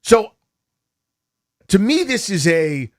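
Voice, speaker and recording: Animated male sports radio host. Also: sits high. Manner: animated, rapid, takes calls. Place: radio studio.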